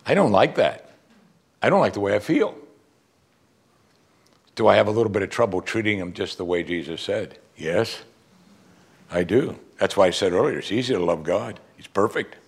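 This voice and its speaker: Husky-voiced preacher, lively pitch. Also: male voice, normal speed, long pauses. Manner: animated preaching, acting out quoted voices. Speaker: pastor. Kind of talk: sermon.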